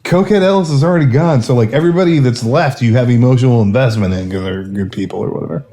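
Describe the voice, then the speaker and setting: A man narrating a drunk retelling of an action movie, rambling and giggling, slipping into quick silly character voices. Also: mid-range voice, warm tone, soft background music.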